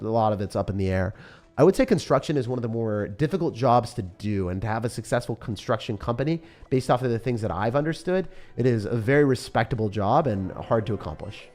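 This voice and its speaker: A man's voice: medium pitch, darkish tone. A young man chatting casually on a livestream, commenting on his game and answering questions from chat in a self-deprecating way. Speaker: streamer.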